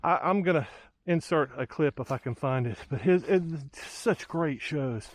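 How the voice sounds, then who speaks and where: A man's voice: fairly high pitch, animated, unhurried, slight background noise. A man, thinking aloud with lots of fillers as he films a walk through the woods. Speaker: hiker vlogger. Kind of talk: casual walking commentary. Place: outdoors in woods by a lake.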